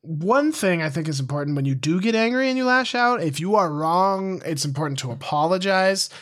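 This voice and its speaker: A young man with a slightly raised pitch talks in loose, casual podcast chat. He rambles and restarts his sentences, telling stories from his own life. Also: expressive, a little fast, fairly bright tone. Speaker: podcast co-host, preschool teacher.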